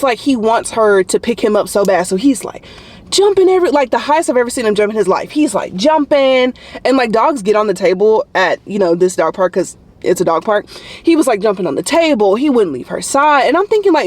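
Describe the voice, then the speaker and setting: A young woman talks to camera in a relaxed vlog, telling stories in a chatty way and leaning on "like" as she goes. Her voice sits at a medium pitch. A faint noise runs underneath. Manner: chatty storyteller, frequent "like" fillers. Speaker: nursing student vlogger. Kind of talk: casual vlog chat.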